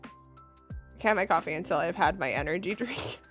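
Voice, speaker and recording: A woman's voice: on the low side, normal speed, a bit bright, soft background music. Giggly, bubbly woman streamer. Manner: bubbly, giggly, chats to viewers by name. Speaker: livestreamer. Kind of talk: casual live-stream chat.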